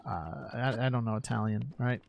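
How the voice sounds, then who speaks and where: A man's voice: mid-range voice, moderate pace, vocal fry, highs cut off, slight background noise. A man from New York chatting casually while streaming, rambling with lots of "like" and "right?" and frequent laughs.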